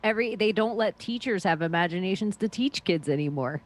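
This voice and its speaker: A woman's voice: medium pitch, expressive, fairly quick. A woman hosting a podcast in casual conversation, blunt and profane, talking in emphatic rants.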